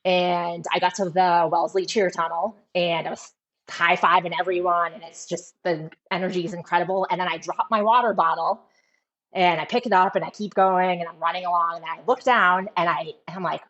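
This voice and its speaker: Woman, chatty storyteller, lowish voice, dull lo-fi sound. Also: steady tone, fairly quick, a bit bright. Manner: chatty storytelling with many fillers. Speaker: guest runner. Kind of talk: casual chat.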